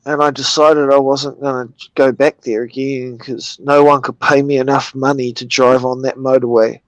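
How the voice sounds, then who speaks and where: A man's voice: mid-range voice, level tone, moderate pace, dry recording, low-quality recording. A man in his forties with a New Zealand accent, telling a rambling, profane story in casual chat. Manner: rambling storyteller, swears freely.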